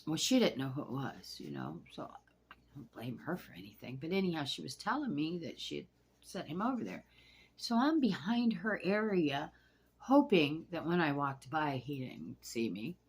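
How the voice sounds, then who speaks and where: A woman telling a personal story to camera in a rambling, halting way, shaken and anxious, with hushed asides. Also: low voice, expressive, a little hiss or hum.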